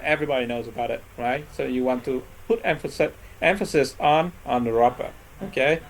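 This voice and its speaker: An English teacher giving a grammar lesson to a live class, checking in with "okay?" and "right?" after almost every phrase and repeating example sentences slowly. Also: medium pitch, slight background noise, low-quality recording. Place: classroom with students.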